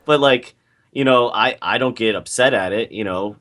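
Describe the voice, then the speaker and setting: A man's voice: mid-range voice, normal speed, pushed and bright. A man co-hosting a casual podcast over a call, laid-back and agreeable, hesitating with fillers. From North America. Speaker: podcast co-host. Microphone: call recording.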